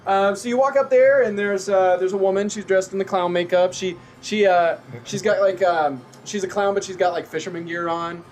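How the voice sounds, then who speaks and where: A man's voice: high voice, fairly even intonation, normal speed, hardly any pauses, a little hiss or hum. A man narrating a tabletop game as game master, rambling and correcting himself as he goes.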